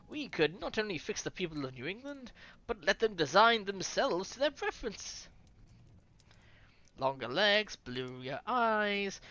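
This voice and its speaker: A reader doing a slow-talking French lecturer. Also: medium pitch, pushed and bright, dull audio. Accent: put-on French. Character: pompous French scientist lecturing on aliens.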